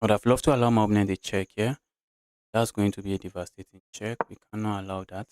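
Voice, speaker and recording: Nigerian man streaming chess, smooth voice. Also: fairly low pitch, fairly even intonation, quick pace, a little mellow, dry recording. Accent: Nigerian English. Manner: chatty, talks through moves and reads chat aloud. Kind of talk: live chess stream commentary.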